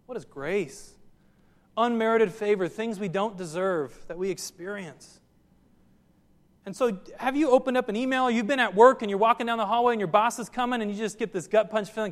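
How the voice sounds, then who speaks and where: A man preaches to his congregation in a high, clear register, asking pointed questions and pressing each point home. His voice rings out with long reverb, as if filling a church sanctuary. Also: a little fast. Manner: earnest preaching, direct questions to listeners. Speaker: pastor. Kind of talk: sermon.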